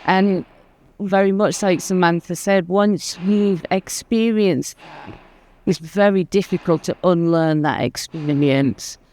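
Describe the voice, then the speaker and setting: Smooth, earnest male panelist. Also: high-pitched, takes it slowly, a little mellow. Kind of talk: panel talk. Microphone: handheld microphone.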